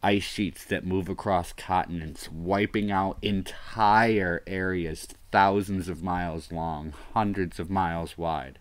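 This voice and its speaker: Deep-voiced man musing on a livestream. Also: steady tone, takes it slowly, few pauses, no echo. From US northeast coast. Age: 30s. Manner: rambling, musing, drops to mutters. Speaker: livestream host. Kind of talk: solo livestream talk.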